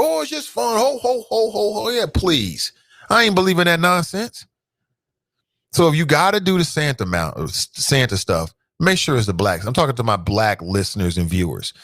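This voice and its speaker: A man's voice: a bit bright, no room sound, clean studio sound. A man hosting a talk show, delivering an emphatic, preachy monologue straight to his listeners. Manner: loose and streetwise, with swings in pitch.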